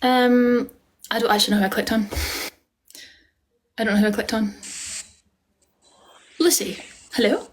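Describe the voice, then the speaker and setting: A chatty Scottish woman, a musical theatre performer, hosts a casual live stream. She answers viewer questions in a fairly high voice, with affectionate words for her audience. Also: steady tone, moderate pace, pauses often, a little hiss or hum. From Scotland. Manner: chatty and affectionate, calls viewers darling and lovely.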